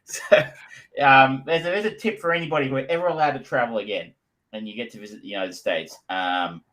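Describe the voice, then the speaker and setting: A man's voice: mid-range voice, brisk, fairly bright tone. An Australian man co-hosting a podcast, chatting casually and telling jokey stories with lots of fillers. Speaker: podcast co-host. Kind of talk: casual chat.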